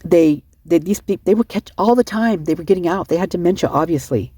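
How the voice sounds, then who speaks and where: A woman's voice: fairly low pitch, brisk, mellow, slightly rough, no room sound. A middle-aged woman giving rambling, emotional casual commentary, sleep-deprived and often restarting her sentences. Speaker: online commentator.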